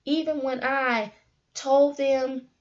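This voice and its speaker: High-pitched woman telling her own story with fervor, dull lo-fi audio. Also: slow. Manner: animated, acts out quoted people in raised voice. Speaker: motivational speaker. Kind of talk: personal testimony monologue. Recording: dull lo-fi sound.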